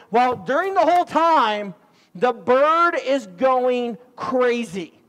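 A middle-aged man preaching a sermon, telling stories in an animated way with sudden loud outbursts. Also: extremely high pitch, moderate pace. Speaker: pastor. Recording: long hall reverb.

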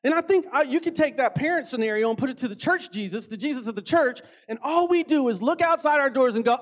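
Guy preaching a sermon, real high voice, animated, drags out words for emphasis and keeps asking the crowd if they get it. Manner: animated, drawn-out emphasis, frequent asides to the audience. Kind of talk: conversational sermon.

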